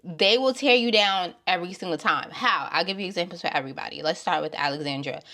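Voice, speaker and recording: A woman giving blunt, profane opinions in a casual vlog, dropping from low mutters to loud exclamations. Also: fast, hardly any pauses. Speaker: TV show reviewer.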